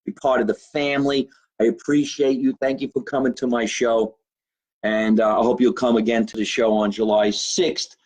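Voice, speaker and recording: A man's voice: mid-range voice, slightly rough, rough recording. A male comedian, hosting his own live show from a home basement, rambling brashly, swearing and greeting viewers by name. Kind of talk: loose livestream chat to viewers.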